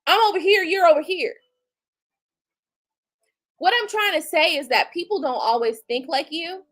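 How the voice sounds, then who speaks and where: A tarot reader in her forties rants casually on her livestream in a very high-pitched voice at normal speed, over poor audio. She's blunt and profane, animated, with features, sarcastic asides, and mocking quoted retorts.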